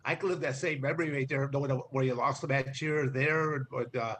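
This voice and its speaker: A man's voice: mid-range voice, steady tone, fast, fairly bright tone, a little hiss or hum. A man co-hosting a podcast, talking casually and repeating words as he gathers his thoughts. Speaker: podcast co-host. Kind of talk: casual chat.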